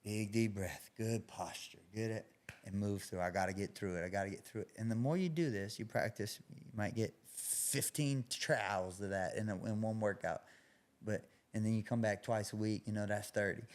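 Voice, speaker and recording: A man who fights and coaches at a gym, calmly explaining his training ideas as a guest on a podcast. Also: fairly low pitch, moderate pace. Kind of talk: podcast interview.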